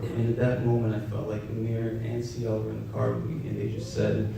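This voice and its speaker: A young man telling a personal story in a halting, soft-spoken way, with many fillers. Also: creaky. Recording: roomy, distant, dull with faint rumble.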